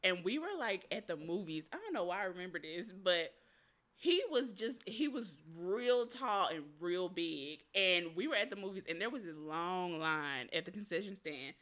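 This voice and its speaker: Female interview host: a bright, melodic voice, casual and expressive, often laughing. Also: lowish voice, moderate pace. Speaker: podcast host.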